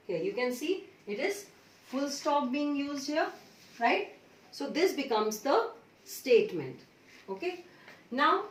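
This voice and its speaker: Indian teacher with a higher voice. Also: female voice. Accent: Indian English. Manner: patient, explanatory, frequent "okay" and "right?" checks. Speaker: school teacher. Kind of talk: online grammar lesson. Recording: echoey room, far from mic.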